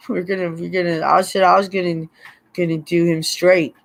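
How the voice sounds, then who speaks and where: A man's voice: sits high, level tone, normal speed, creaky. A man, rambling through a personal story and laughing often between remarks. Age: 50s. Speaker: vlogger.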